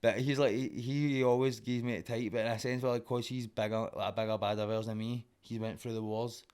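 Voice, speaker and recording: Fast-talking, swearing Glaswegian young man. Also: mid-range voice, smooth. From Scotland. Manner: rambling, swearing, animated. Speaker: guest. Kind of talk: casual podcast conversation.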